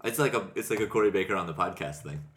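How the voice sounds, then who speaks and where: A man hosting a podcast, reading out listener questions in casual chat. He is relaxed and laughs often. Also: low voice, very fast. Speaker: podcast host.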